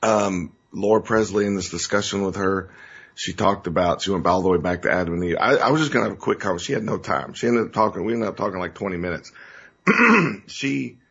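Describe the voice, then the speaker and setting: A man's voice: low voice, animated, fast talker, gravelly, fairly bright tone, breathy edge, lo-fi sound. A man hosting a political talk show, talking earnestly in a rambling way that turns emotional. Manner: earnest, rambling, restarts and gets choked up. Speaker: show host.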